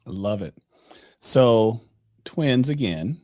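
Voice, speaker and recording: A middle-aged man hosting a podcast, telling a personal story in a casual, animated way and acting out the dialogue. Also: mid-range voice, slow, dry recording. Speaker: podcast host.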